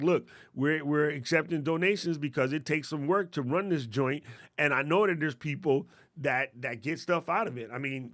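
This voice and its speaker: A man hosting a live question-and-answer stream, giving casual, energetic advice in slangy talk and calling viewers family. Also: a little high, dry recording, studio quality. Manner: energetic, slangy, addresses chat as fam and family. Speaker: host answering creator questions.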